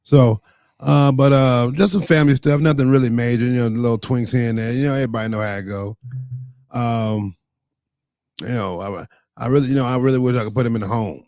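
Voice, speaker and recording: A man's voice: medium pitch, steady tone, fairly quick, darkish tone, no echo. A man with a Chicago accent, co-hosting a podcast, chatting easily and telling stories with many fillers. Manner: easygoing, storytelling, lots of fillers. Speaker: podcast co-host. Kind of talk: casual chat.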